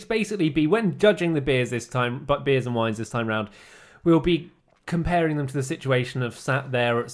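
A man co-hosting a casual podcast, talking in a dry, teasing way. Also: mid-range voice. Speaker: podcast co-host. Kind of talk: casual chat.

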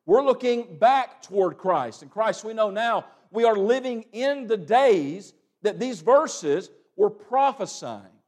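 A young man preaching a sermon, breaking into loud calls between plain teaching and quick asides. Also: sits high, lively intonation.

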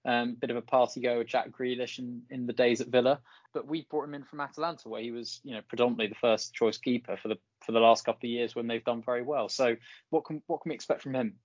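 A man's voice: mid-range voice, fairly even intonation, fast, dry recording, lo-fi sound. Chatty man on a podcast. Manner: chatty, many fillers and restarts. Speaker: podcast co-host. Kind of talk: casual football chat.

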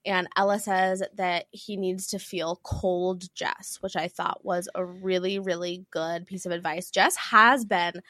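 A woman's voice: fairly low pitch, fairly even intonation, measured pace, hardly any pauses, pushed and bright, no room sound, studio quality. A woman co-hosting a casual podcast, breaking down reality TV episodes in a candid, talkative way with casual swearing. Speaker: podcast co-host. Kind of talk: casual chat recapping reality TV.

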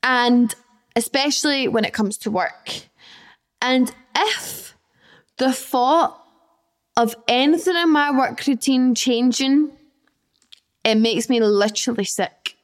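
A Scottish woman talks alone on her podcast in a fairly high voice. She is frank and self-mocking, acts out her own anxious thoughts, swears casually and fills her sentences with "like". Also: takes it slowly, long pauses. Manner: swears casually, says "like" often. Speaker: podcast host. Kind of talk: solo casual chat.

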